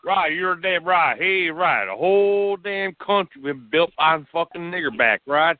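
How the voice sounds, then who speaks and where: A man's voice: on the high side, animated, unhurried, dry recording. A man ranting angrily as a chat line caller, swearing constantly and stumbling over his words. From Tennessee. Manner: profane, stumbling, full of filler sounds. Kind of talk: angry phone rant. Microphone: telephone. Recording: tinny phone line with faint static.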